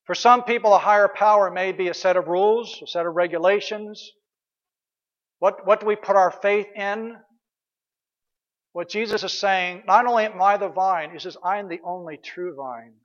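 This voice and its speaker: A man's voice: high voice, moderate pace, in a large hall, dull audio. A man pastor giving an earnest, conversational sermon with emphatic repeated phrases.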